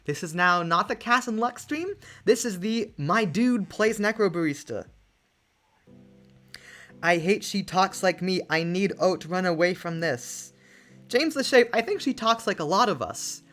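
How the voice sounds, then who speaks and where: Excitable, jokey woman streamer. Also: fairly low pitch. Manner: excitable, jokey, quick asides. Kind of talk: casual let's-play chat. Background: soft lofi music.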